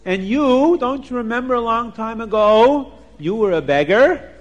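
A ruined old beggar wails and sobs in a strained, high voice, as a man puts him on. His cries carry a long hall echo. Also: animated, moderate pace, muffled recording. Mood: reproachful. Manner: sobbing, high and pleading.

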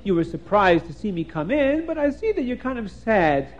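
A rambling, excitable poet who chatters on eagerly, as a man puts him on. His voice sits high for a man. It comes through a dull, lo-fi recording. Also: normal speed. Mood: concerned. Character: cheerful talkative poet man, husband.

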